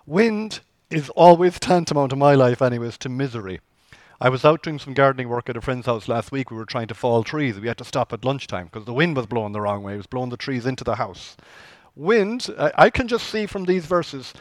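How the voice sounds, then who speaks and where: Pastor preaching with lively pitch. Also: male voice, fairly quick, no echo. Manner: lively, conversational preaching with rhetorical questions. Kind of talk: sermon.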